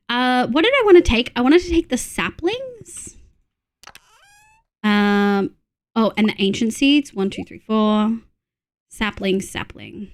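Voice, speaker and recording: A young woman from Australia streaming a farming game, chatting casually, gasping with excitement and counting items aloud. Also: a little high. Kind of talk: casual gameplay chat.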